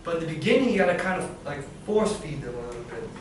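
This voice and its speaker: A man leading a live teacher-training session in a classroom, energetic and demonstrative, often acting out his examples. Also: on the high side, fast talker. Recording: very echoey room, far mic, faint noise.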